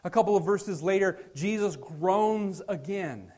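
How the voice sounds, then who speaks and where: Earnest high-voiced pastor preaching. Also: male voice, measured pace. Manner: earnest, shifts from loud stress to quiet near-whispers. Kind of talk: sermon.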